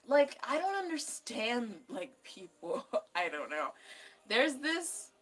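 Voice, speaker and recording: A woman's voice: on the high side, sing-song, slow pace, a bit bright. A young woman vlogging casually between book readings, rambling with lots of fillers and frequent laughter. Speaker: YouTuber reading a book aloud. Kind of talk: casual vlog chat.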